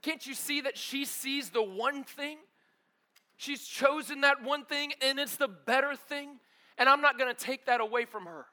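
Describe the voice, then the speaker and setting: A man preaching a sermon with animated storytelling, casual slang, and acted-out voices. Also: very high voice, normal speed. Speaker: pastor.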